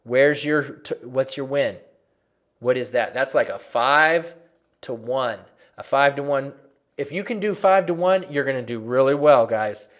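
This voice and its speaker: A man walking viewers through trading charts in a lively, conversational lesson, often repeating phrases for emphasis. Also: medium pitch, unhurried. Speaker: trading educator.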